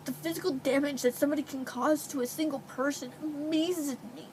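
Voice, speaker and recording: A woman's voice: high voice, fairly even intonation, a little fast, a little mellow, a little hiss or hum, rough recording. A young woman vlogging at home, crying and sniffling as she talks in a tearful, pleading way. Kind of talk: emotional personal vlog. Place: indoors at home.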